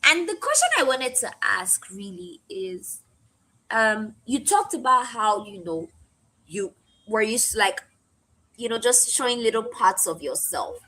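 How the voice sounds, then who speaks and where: A woman with a high, bright and husky voice asks questions in a lively way, her pitch moving widely. She talks casually and uses plenty of fillers. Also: a little slow. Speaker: co-host. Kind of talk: casual conversation.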